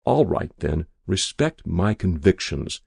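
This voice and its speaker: A man's voice: sits low, very animated, slow, gravelly, a little mellow, husky, no room sound, studio quality, exaggerated voice. A man reading the part of a stiff, touchy middle-aged family man who speaks earnestly and defensively. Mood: indignant.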